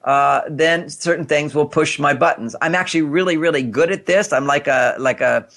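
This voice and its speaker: An older man appears as a guest on a radio talk show, chatting about relationships with lots of fillers and frequent restarts. His voice is a little high and somewhat creaky with a slight brightness, and he speaks at a moderate pace.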